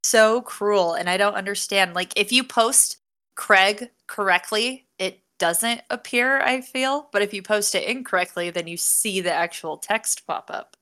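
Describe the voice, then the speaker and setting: A woman co-hosting a casual podcast, with quick joking reactions. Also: mid-range voice, bright, forceful tone, soft background music. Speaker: podcast co-host. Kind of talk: casual chat.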